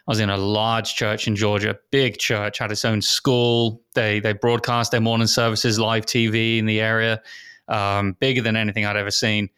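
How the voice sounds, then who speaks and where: A man's voice: lowish voice, fairly bright tone, clear, resonant tone, dry recording, clean studio sound. A man, a missionary pastor, telling ministry stories with earnest, self-deprecating humor in a round-table talk. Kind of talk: reflective conversation among pastors.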